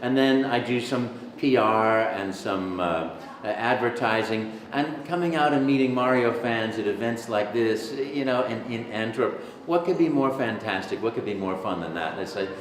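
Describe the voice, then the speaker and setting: A man telling stories in a lively, animated way, with a mid-pitched voice. He is recorded in an echoey convention room with faint crowd ambience behind him. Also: normal speed, slight background noise. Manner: animated, jokey storyteller, breaks into voices. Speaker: voice actor, interview guest. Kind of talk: casual storytelling interview. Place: convention venue.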